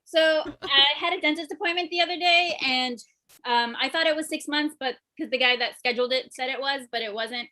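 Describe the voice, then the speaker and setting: A woman's voice: sits high, fairly quick, bright, forceful tone. A young woman doing a stand-up set over a video call from home, giggling through her own punchlines. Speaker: stand-up comedian.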